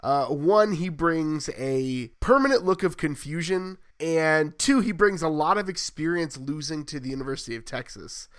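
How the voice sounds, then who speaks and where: Man in his thirties, higher-pitched voice, wry dry humor, casual sports talk. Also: animated, moderate pace, few pauses, a bit bright. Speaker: podcast co-host.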